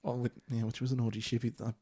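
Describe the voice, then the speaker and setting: A man talking through a movie plot on a podcast. His pitch sits in the middle of the range. He keeps it loose and conversational. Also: racing, slightly rough. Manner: recaps plot in a relaxed, chatty way with Australian slang. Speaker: podcast host. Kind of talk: casual movie recap chat.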